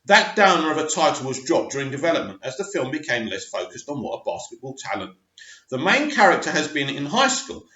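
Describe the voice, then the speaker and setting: A man in his forties talks through an article with chatty asides, tripping over words and starting again. His voice sits a little high and swings up and down lively. It's heard in a roomy space on a dull, muffled recording. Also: a little fast. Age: 40s. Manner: chatty asides, stumbles and restarts while reading. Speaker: movie news vlogger. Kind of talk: reading and commenting on an article.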